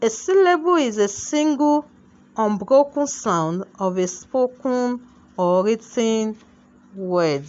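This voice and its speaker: A woman's voice: on the high side, expressive, unhurried. A woman teaching a Yoruba language lesson, moving between Yoruba and English and often asking rhetorical questions. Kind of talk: classroom lesson. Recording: dull lo-fi sound.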